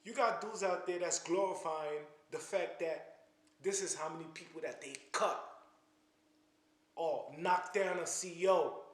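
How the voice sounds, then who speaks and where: A man's voice: on the high side, a little slow, reverberant. A man giving heated, preachy commentary to camera, often stumbling and restarting his sentences. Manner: impassioned, stammering restarts, preachy. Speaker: commentary channel host. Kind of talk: casual spoken commentary to camera.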